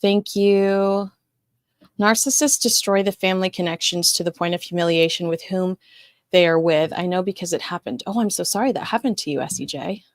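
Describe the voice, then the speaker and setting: A woman's voice: fairly low pitch, normal speed, dry recording, studio quality. A woman hosting a casual livestream, chatting and reading viewer comments in a rambling, talkative way. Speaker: show host reading live chat.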